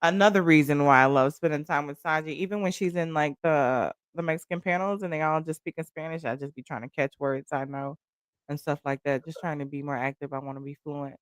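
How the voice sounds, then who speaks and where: A woman from Texas hosting a casual chat, animated and profane, laughing often. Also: deep voice, a little fast, smooth, no echo, clean studio sound. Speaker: podcast host.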